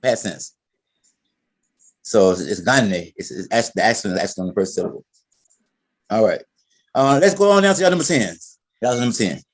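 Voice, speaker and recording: A quick-speaking man with a drawl, leading a Spanish lesson. He repeats himself as he patiently walks students through corrections. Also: on the low side, lively intonation. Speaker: Spanish teacher. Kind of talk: online class instruction.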